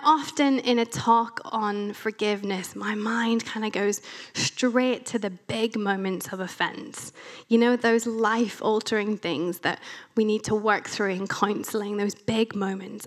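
A young woman with an Irish accent giving a conversational church talk, chatty and animated, with self-deprecating asides. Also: mid-range voice. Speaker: preacher.

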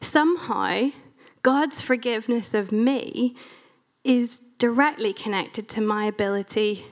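A woman delivers a sermon from a lectern, her voice sitting a little high. She reads scripture passages aloud and then unpacks them in a relaxed, conversational way, dropping in wry asides. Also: unhurried. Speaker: preacher.

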